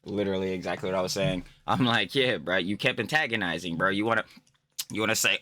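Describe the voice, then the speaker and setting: A man's voice: fairly low pitch, animated, fast, bright, forceful tone, dry recording. A young man giving profane, mocking reaction commentary, ranting and laughing. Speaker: commentary YouTuber.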